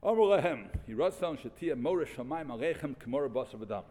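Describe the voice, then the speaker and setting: A man teaching a Talmud class, reading passages and restating them in animated, repeated phrases. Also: mid-range voice, fairly quick, big-room sound. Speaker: Torah teacher.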